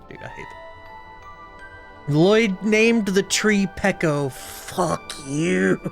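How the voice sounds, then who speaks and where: Man, slightly high voice, slow drawn-out talk, casual crude jokes, faint game music. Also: creaky. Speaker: streamer. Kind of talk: let's play commentary.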